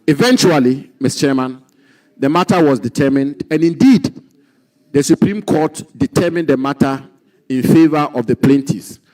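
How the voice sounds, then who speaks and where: A Ghanaian man speaks into a desk microphone in a parliamentary hearing room, pressing a nominee with formal questions. He talks deliberately and repeats his main points for emphasis. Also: a little high, darkish tone. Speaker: committee member questioning a nominee.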